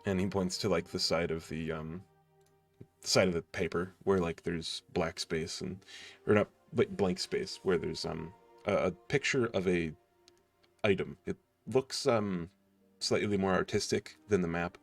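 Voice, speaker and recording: A man's voice: deep voice, steady tone, a little slow, vocal fry, soft background music. A man, game master of a tabletop game, hesitantly describing the scene with many fillers.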